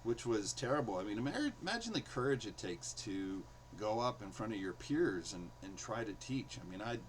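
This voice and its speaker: Low-voiced man telling a teaching story. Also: sing-song, moderate pace, a little hiss or hum, rough recording. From New York City. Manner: chatty, many fillers, acts out quotes in raised voice. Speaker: host and storyteller. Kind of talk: casual spoken storytelling.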